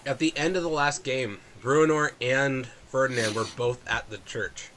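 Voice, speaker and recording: A man's voice: mid-range voice, normal speed, a bit bright, slight background noise. A man narrating as game master of a tabletop game, rambling with fillers.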